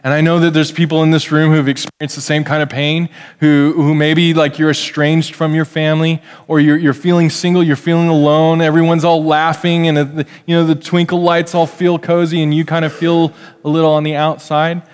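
Smooth and a little fast, the pastor's fairly high voice barely pauses as he delivers a lively family sermon, addressing the children directly and voicing family members' lines. The church hall adds a long reverb tail.

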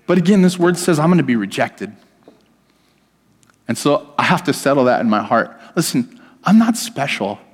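A man's voice: medium pitch, moderate pace, long pauses. Man preaching in a reverberant church hall. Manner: storytelling, animated, self-deprecating. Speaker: pastor. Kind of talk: sermon.

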